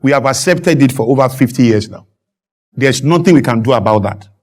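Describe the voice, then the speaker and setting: A Nigerian man, a guest on a talk show, arguing with fervour, repeating his points and building up to shouted emphasis. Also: mid-range voice, animated, fairly quick. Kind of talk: impassioned studio interview.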